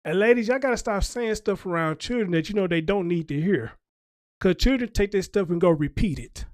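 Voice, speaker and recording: A man with a high voice hosts a casual commentary show. He rants in an emphatic, preachy way and keeps checking that his listeners agree. The sound is dry and close. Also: expressive, brisk, no echo.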